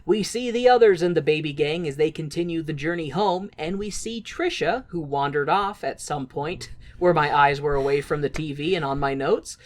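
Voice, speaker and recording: A woman's voice: low voice, normal speed, few pauses, a little mellow. A young adult woman hosting a podcast, recapping a movie in a casual, profane, exasperated rant. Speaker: podcast host.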